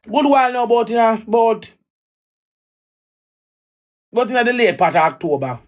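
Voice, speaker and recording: A woman's voice: fairly high pitch, very animated, measured pace. Emotional Jamaican woman venting her story. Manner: raw, emphatic, repeats lines. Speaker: livestreamer. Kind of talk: emotional personal story, ranting.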